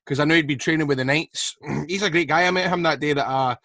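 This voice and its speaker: A man's voice: a little high, quick pace, pushed and bright, dry recording, clean studio sound. A Scottish man co-hosting a football podcast, chatting in a laid-back, joking way. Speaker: podcast co-host. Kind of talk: casual football chat.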